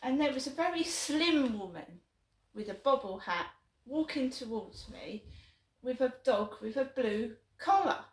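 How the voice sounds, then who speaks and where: A woman's voice: sits high, expressive, measured pace, roomy sound, low-quality recording. A woman telling a flustered, chatty story to her phone camera while out walking at night. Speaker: vlogger. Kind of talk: casual vlog monologue. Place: outdoors at night on a walk.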